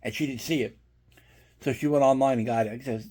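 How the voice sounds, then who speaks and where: A man's voice: mid-range voice, steady tone, brisk, dark tone, husky. A middle-aged man chatting casually and rambling through a profane story as he shows off horror collectibles. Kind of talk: casual unboxing chat.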